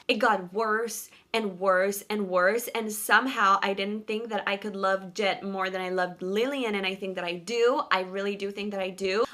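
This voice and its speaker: Young woman book vlogger, casual and gushing, expressive with quick asides. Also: medium pitch. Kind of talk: casual reading vlog chat. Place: sitting in one spot, filming herself.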